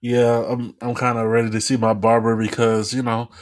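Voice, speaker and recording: A man's voice: mid-range voice, completely flat delivery, normal speed. A man co-hosting a podcast in casual chat, laid-back and agreeable. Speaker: podcast co-host.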